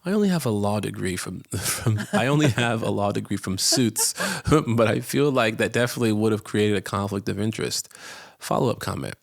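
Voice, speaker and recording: A man in his forties co-hosts a podcast in an easygoing way and laughs often. His low voice has a gravelly edge and swings widely in pitch. He reads listener comments aloud in a relaxed tone. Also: fairly quick, no room sound, studio quality. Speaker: podcast co-host. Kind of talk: casual chat, reading listener comments.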